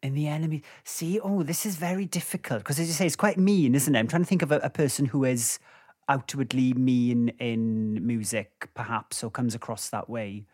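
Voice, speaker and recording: A man as a guest on a podcast quiz, chatty and thinking out loud with fillers and playful asides. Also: medium pitch, normal speed. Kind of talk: casual quiz chat.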